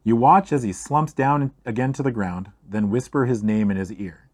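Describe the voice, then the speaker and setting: Man, fantasy gamebook read-aloud, steady storyteller, mid pitch. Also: normal speed. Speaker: game reader.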